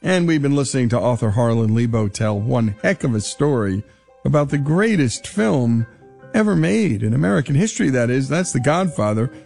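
A man's voice: medium pitch, animated, moderate pace, gravelly, a little mellow, breathy edge, faint music behind. A male radio show host giving enthusiastic, emphatic broadcast commentary.

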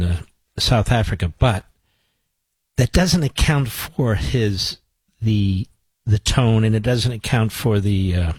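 A man's voice: fairly low pitch, breathy edge, no room sound, rough recording. A man hosting a talk radio show, speaking emphatically and piling up repeated phrases for force. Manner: emphatic, forceful, building in repetition. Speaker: radio host.

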